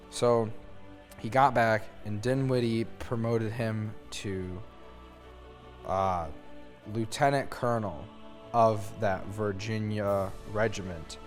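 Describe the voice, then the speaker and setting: A young man rambles through a history story as a comedy bit, slangy and given to giggles. He talks slowly at a middling pitch. His voice sits in a long reverb with faint music beneath it. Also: fairly even intonation. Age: young adult. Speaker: student narrator.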